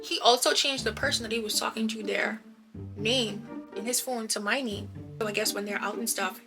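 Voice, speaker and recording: A woman's voice: fairly high pitch, steady tone, moderate pace. A woman vlogger telling stories in a casual get-to-know-me chat, talking to her viewers as "girl". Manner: chatty storyteller, addresses viewers as girl. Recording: background music under voice.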